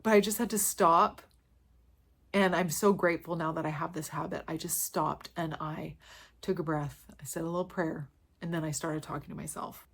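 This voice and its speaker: Woman fitness coach, slightly low-pitched, emotional, heartfelt motivational vlog, repeats key lines. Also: fairly even intonation, moderate pace, creaky, fairly bright tone, slightly rough. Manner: earnest, repeats key phrases for emphasis. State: emotional, close to tears. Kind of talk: heartfelt motivational talk to camera.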